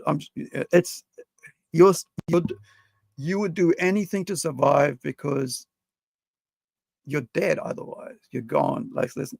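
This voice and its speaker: Man with a gravelly, husky voice and a dry sound who tells a story in halting, rambling bursts. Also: a little high, dry recording. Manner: rambling, halting, full of "like" and "you know". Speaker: podcast co-host. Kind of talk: emotional personal storytelling.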